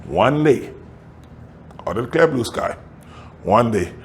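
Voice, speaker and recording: A middle-aged man pastor preaching a storytelling sermon with big leaps in pitch and chuckles as he talks. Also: slow, a little hiss or hum. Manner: animated preaching with sudden high pitch swings; chuckles while telling stories.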